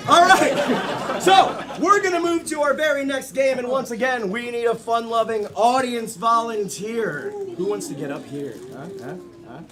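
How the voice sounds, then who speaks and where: A man's voice: very high voice, moderate pace. A man hosting a live improv comedy show, bantering and joking with the audience from the stage. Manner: upbeat, joking crowd banter. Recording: live room with crowd and noise.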